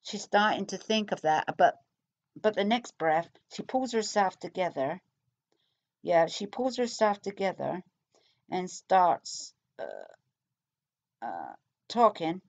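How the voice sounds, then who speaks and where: A woman's voice: fairly low pitch, very animated, slow, gravelly, pauses often, highs cut off. A woman giving casual recorded commentary on a true crime case, chatty and repetitive, speculating aloud with asides.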